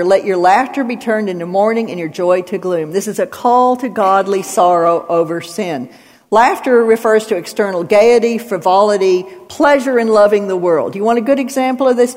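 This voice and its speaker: A woman's voice: a little high, expressive, normal speed, darkish tone. A woman giving an expository Bible teaching, working through numbered points and citing scripture with emphasis. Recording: long hall reverb.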